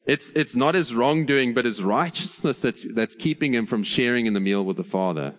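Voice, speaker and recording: A man preaching an earnest sermon, slowing on key phrases and adding light humor. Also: mid-range voice, expressive. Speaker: pastor.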